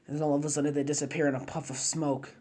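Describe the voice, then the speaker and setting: A man's voice: a little high, flat delivery, fast talker, warm tone. A man narrating a fan-made story casually, chaining run-on clauses with slang and fillers.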